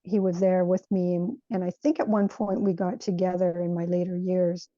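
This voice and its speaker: Woman telling her spiritual story, earnest and thoughtful, warm mellow voice, kinda dull lo-fi sound. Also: fairly low pitch, little pitch movement, moderate pace, dry recording. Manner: earnest, reflective, searching for words. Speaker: guest sharing a spiritual experience. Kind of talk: personal storytelling.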